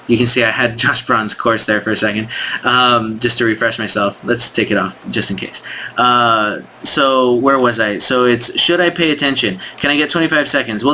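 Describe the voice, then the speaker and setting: A man coaches on sales in a casual screen-share walkthrough, thinking aloud with frequent restarts and frankly critiquing scripts directly. His medium-pitched voice sounds pushed and bright. There's slight background noise.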